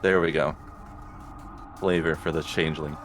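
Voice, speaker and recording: A man playing in a tabletop game, chatty and quick to laugh. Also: extremely low pitch, fairly even intonation, a bit bright, soft background music. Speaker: player.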